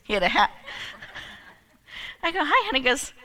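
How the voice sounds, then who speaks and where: A woman's voice: fairly high pitch, normal speed. A woman emceeing a live event, telling a playful story and leading the audience with lots of laughter. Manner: animated, laughs often, leads the crowd.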